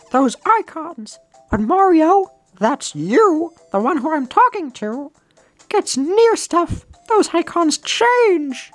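A woman doing a squeaky, frantic little Toad. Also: exaggerated voice. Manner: squeaky, hurried and eager. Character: small, frantic, chirpy mushroom retainer.

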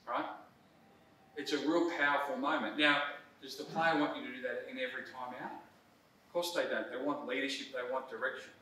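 A man's voice: mid-range voice, steady tone, moderate pace, sharp tone. A middle-aged man presenting a coaching workshop in a conversational, emphatic way, often checking in with "right?". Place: presentation room. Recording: roomy hall, distant mic, faint noise.

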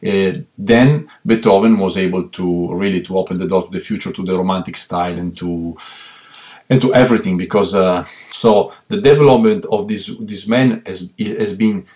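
Italian-accented man, halting with fillers. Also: deep voice, a little mellow. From Italy. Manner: halting, many fillers and repeats. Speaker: guest violist. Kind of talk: interview over a remote line.

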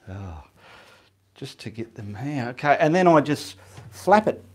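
Heavy background noise surrounds a mid-range male voice with big pitch swings and an unhurried pace. He's a painting instructor giving a live demo in his indoor home studio, casually chatting while he works and muttering between steps.

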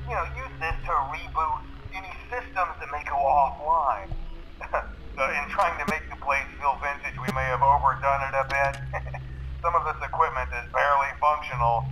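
A rambling, chuckling manager on tape. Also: male voice, a little high, moderate pace, sharp tone. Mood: easygoing. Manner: rambling, chuckling, filler-heavy. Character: laid-back male attraction manager on tape. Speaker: recorded phone message from a boss. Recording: noisy recorded message audio.

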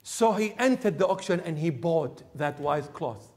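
A male bishop telling a story in a sermon, in an animated, conversational way and acting out the quotes. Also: fairly high pitch, unhurried. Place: church.

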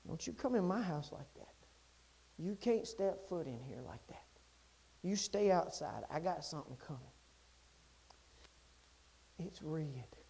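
A man voicing God as a stern, holy father, speaking hushed and solemn. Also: fairly high pitch, gravelly, voice pushed down, rough recording.

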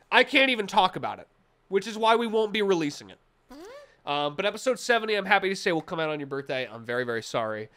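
A man's voice: high voice, bright, forceful tone, clear, resonant tone. A young man streaming, chatting casually with his live chat in a rambling, jokey way, full of restarts and mock-serious asides.

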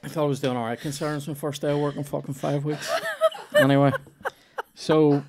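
A man's voice: a little high, level tone, fast, background noise. A man hosting a comedy podcast, telling rambling, sweary anecdotes full of restarts. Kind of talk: casual storytelling chat.

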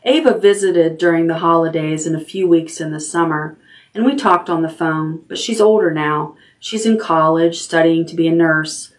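A woman reading the lines of a kindly, slightly awkward middle-aged aunt in a gentle, earnest voice. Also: sits low, normal speed, far from the mic, close to an everyday voice.

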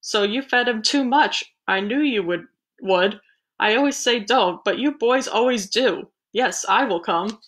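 A woman reading aloud, voicing a calm, knowing older man who gently scolds. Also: fairly high pitch, unhurried. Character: wise, weary older man pet-shop keeper.

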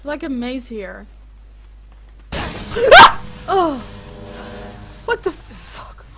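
A woman's voice: high-pitched, sing-song, slow, a little hiss or hum. A woman playing a horror game, panicking, swearing and muttering to herself as she goes. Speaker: gaming streamer. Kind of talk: horror game let's play commentary.

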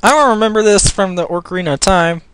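Excitable male gamer narrating his playthrough, jokey with panicked outbursts, bright high register. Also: quick pace, slight background noise. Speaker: gameplay commentator. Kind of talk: let's play commentary.

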